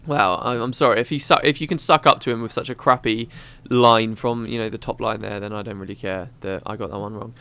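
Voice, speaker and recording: A man's voice: mid-range voice, fairly quick, pushed and bright, clean tone. A man hosting a let's play, chatting casually and reading game dialogue aloud. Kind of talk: casual gameplay commentary.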